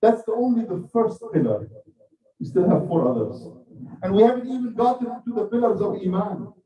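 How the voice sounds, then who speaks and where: A man preaching a Friday sermon, telling a story with measured, earnest emphasis and then exhorting his listeners. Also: high voice, expressive, warm tone, muffled recording. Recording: echoey hall, voice from a distance.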